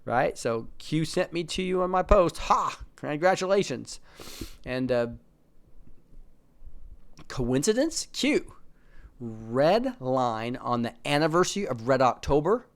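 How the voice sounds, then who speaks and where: A man's voice: a little high, expressive, a little slow, creaky. A man hosting casual political commentary, reading posts aloud, laughing often and putting on mocking voices.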